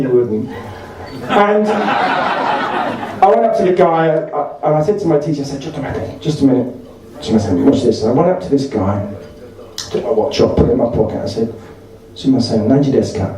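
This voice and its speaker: A man's voice: on the high side, dark tone. A man, doing rambling stand-up anecdotes at a party. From Essex, England. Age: 40s. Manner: rambling, chatty, self-correcting. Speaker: stand-up comedian. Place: large hall. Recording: echoey hall, far from the mic, crowd.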